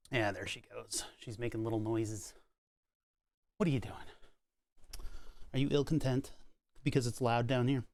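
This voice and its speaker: A man chats casually on a live stream from his workshop, slipping into a high sing-song voice whenever he talks to his puppy. He laughs often, and his voice sits at a middling pitch. The sound is dry and close, with no room echo. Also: a bit bright, clean tone. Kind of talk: casual chat.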